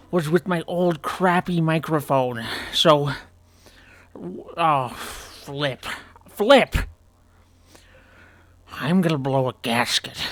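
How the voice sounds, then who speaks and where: A man's voice: fairly high pitch, fairly bright tone. A man at his computer desk giving playthrough commentary, getting more and more exasperated and ranting to himself as he plays. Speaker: gaming channel host. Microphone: desk microphone.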